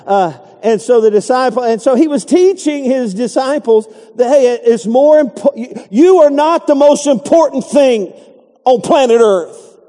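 A man's voice: extremely high pitch, lively intonation, measured pace, dark tone, big-room sound. A middle-aged man preaching a folksy, digressive sermon, acting out quotes along the way. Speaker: pastor.

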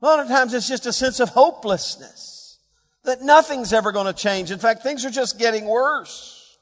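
Man, pastor, sermon, high voice, hushed then emphatic delivery, long hall reverb. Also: moderate pace. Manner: dynamic preaching, dropping to hushed tones and rising for emphasis.

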